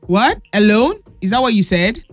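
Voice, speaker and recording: A woman's voice: mid-range voice, big pitch swings, normal speed, no room sound, faint music behind. A woman hosting a children's radio call-in show, playful and teasing, laughing often and calling the callers pet names. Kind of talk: lively radio call-in chat.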